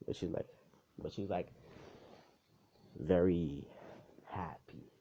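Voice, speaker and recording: A man's voice: deep voice, takes it slowly, warm tone, dull audio, a little hiss or hum. A man telling a fan story in a rambling, profane, casual way, full of fillers.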